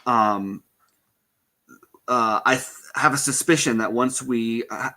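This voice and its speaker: A man's voice: medium pitch, takes it slowly, pushed and bright. A man in a casual stream chat, talking things through thoughtfully with lots of ums and hedges.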